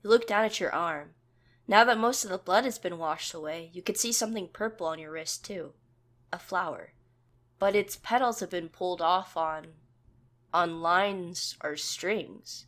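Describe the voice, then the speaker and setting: Woman narrating a story in low tones. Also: a little slow, fairly bright tone. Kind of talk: second-person fanfic narration.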